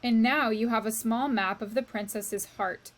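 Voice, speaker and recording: A woman reading a children's novel aloud to a class, with slow, expressive storytelling that speaks to the reader. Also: a little high.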